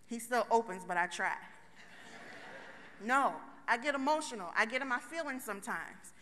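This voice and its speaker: Bright, high-voiced woman speaking in a hall. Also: moderate pace, a little hiss or hum. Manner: chatty, joking, addresses the crowd directly. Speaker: conference speaker. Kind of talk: motivational talk to a live audience. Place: large conference hall. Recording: long reverb of a large hall.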